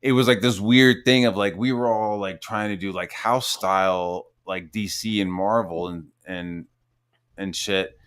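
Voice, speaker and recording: A man's voice: measured pace, clean tone. Brash man in profane banter. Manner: animated, profane, swings into high quoted voices. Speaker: podcast host. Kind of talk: casual profane chat.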